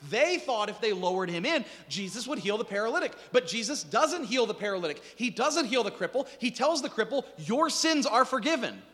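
A male pastor preaches a sermon to his congregation in a church sanctuary, speaking fairly quickly with few pauses. His high, lively voice leaps up and down as he acts out quotes, and he tosses in joking asides between points. The reverberant hall gives his words a long echo.

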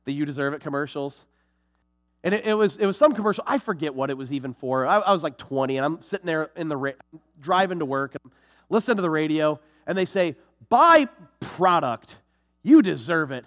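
A young adult man preaching a sermon to his congregation, animated and sarcastic, with quick restarts. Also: fairly high pitch, long reverb tail. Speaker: pastor.

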